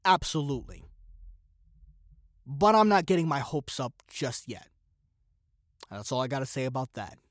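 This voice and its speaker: A man's voice: mid-range voice, big pitch swings, moderate pace, pauses often, dry recording, clean studio sound. A man hosting a solo commentary podcast, opinionated and sarcastic, firing off one rhetorical question after another. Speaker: podcast host.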